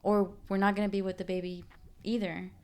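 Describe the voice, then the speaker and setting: A woman's voice: mid-range voice, little pitch movement, brisk, a little mellow, slight background noise. Candid young woman telling stories. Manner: candid, confessional storytelling. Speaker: interview guest. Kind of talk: casual conversation.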